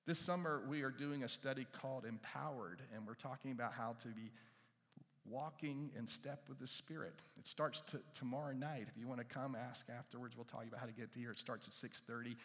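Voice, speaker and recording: A male pastor preaching a sermon, animated, repeating key phrases and asking the crowd questions, dropping to hushed asides. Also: mid-range voice, brisk. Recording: long reverb from a large hall.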